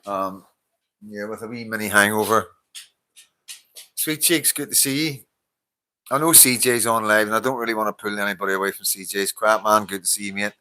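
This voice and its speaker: A man's voice: fairly low pitch, brisk, pauses often, pushed and bright, no echo. A tired Northern Irish man hosting a casual live stream, greeting viewers by name, laughing often and swearing freely. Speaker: livestream host reading viewer comments.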